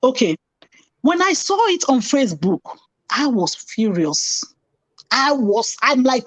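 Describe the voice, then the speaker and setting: A woman's voice: sits high, very animated, a little slow, no room sound, highs cut off. A middle-aged woman telling a painful personal story earnestly, repeating phrases for emphasis. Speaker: guest telling her story.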